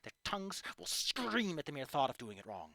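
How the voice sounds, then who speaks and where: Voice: mid-range voice, very animated, brisk, bright, forceful tone, no echo, clean studio sound. A fanfiction critic reading a story aloud and breaking off into exasperated, profane rants, sighing between points. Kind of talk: ranting commentary on a reading.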